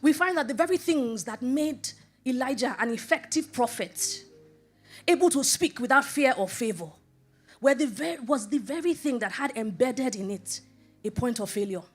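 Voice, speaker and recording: A woman's voice: high-pitched, expressive, normal speed, faint music behind. A middle-aged woman preacher giving a sermon, acting out scripture quotes and dialogue, asking rhetorical questions over and over and laughing often between her points. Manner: rhetorical questions, repeated for emphasis. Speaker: preacher and life coach.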